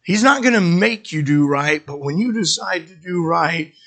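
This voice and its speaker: A man preaching a sermon in a high, ringing, bright voice. He tells stories with drama, dropping into a hush and then rising loud again. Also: animated, normal speed. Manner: dramatic storytelling, sudden shifts from loud to hushed.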